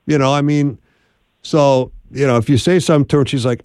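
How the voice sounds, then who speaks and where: A man's voice: mid-range voice, a little fast, a little mellow, no echo. A man hosting a radio call-in show and giving folksy, friendly relationship advice from the studio. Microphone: studio mic.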